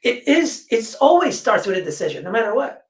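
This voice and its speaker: Blunt, cursing woman guest, voice high-ish, echoey distant call audio. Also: a little fast. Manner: blunt, profane, animated storytelling. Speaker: panel guest. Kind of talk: casual discussion. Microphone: video call. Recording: echoey room, distant mic.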